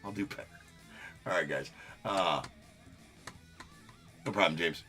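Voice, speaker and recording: At a measured pace, with faint music behind him, a young man hosts a live card break stream. His easygoing chatter with viewers includes jokes at his own expense and occasional swearing, and his pitch rises sharply when he's excited.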